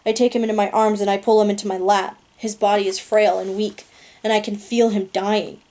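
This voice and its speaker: Woman reading a novel out loud, calm and steady, flat even delivery. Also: medium pitch, a little fast. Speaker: audiobook reader.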